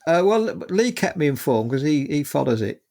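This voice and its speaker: A man's voice: on the high side, very animated, moderate pace, a little mellow. An English man in his seventies, a guest musician telling chatty, rambling stories with lots of fillers. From England. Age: 70s. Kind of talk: casual anecdotal storytelling.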